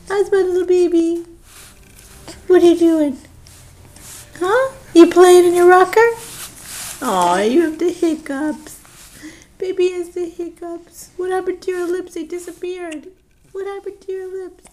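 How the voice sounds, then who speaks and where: Slow, cooing mother in baby talk. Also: very high-pitched, warm tone. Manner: cooing, sing-song and playful.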